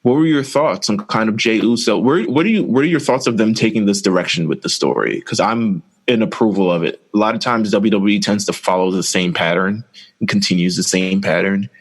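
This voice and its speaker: A man co-hosting a casual wrestling podcast, with a lowish voice. He rambles on, opinionated and full of likes and you-knows. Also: a little fast. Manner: rambling, opinionated, filler-heavy. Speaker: podcast co-host.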